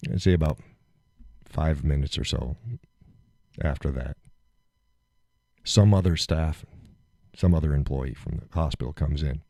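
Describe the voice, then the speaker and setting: A middle-aged man hosts a live show, casually retelling a story, acting out quotes, swearing freely and laughing often. His very deep, mellow voice moves a little slowly with long pauses, recorded dry with clean studio sound.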